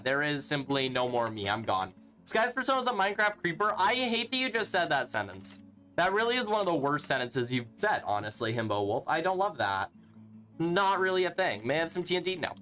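A game streamer chats to viewers while mining, tossing off sarcastic, teasing asides between greetings. The voice swoops widely in pitch from phrase to phrase. Faint music plays underneath. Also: a bit bright. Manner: playful, teasing and sarcastic toward chat. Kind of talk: live gameplay commentary while reading chat.

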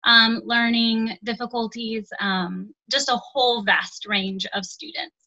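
A woman teacher speaks in an earnest, heartfelt way, pausing often on "um." Her voice is bright and sharp. The recording is dull and lo-fi. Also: fairly high pitch, fairly even intonation. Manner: earnest and emotional, with many "um" fillers. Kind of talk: interview guest telling a story. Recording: dull lo-fi sound.

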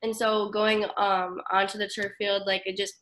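A woman's voice: mid-range voice, little pitch movement, normal speed, a bit bright. A young adult woman, a student-athlete, chatting hesitantly on a video call and filling her talk with likes. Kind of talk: casual video call chat.

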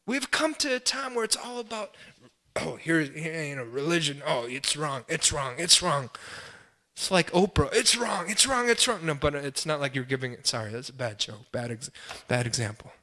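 A man's voice: a little high, normal speed. Impassioned young man preaching a sermon. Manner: impassioned, rising to pleading cries then dropping to quiet asides. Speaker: pastor.

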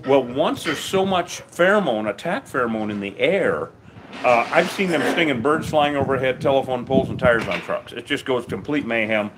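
A man who runs a bee removal business, livestreaming from a busy town street in a profane, rambling, excitable way. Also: medium pitch, moderate pace. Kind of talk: casual livestream narration on site. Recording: noisy outdoor street recording.

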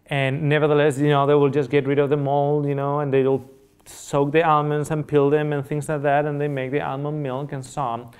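A man's voice: on the high side, a little mellow, clean tone. A middle-aged man whose first language is Spanish, giving a public nutrition lecture in earnest storytelling style, repeating phrases and checking in with the audience.

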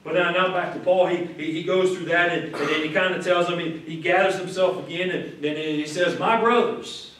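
Pastor preaching in a very echoey hall. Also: male voice, fairly high pitch, fairly even intonation, a little fast, few pauses, a bit bright. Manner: conversational, repeats words, acts out quotes with rising emphasis. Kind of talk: sermon. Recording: echoey room from far off.

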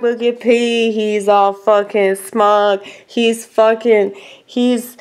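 A woman, chatting excitedly and swearing freely as she unboxes a package in a casual vlog. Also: medium pitch, a little slow, a little hiss or hum. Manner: giddy, excitable, swears freely, repeats herself. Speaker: vlogger.

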